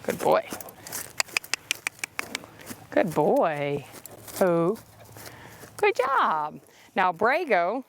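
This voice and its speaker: Woman horse trainer, instructional, mid-range voice, coaxes the horse between points, outdoor course with light background noise. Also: mid-range voice. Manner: coaxing praise to the horse between explanations. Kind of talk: instructional talk while working a horse. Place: outdoor cross country course.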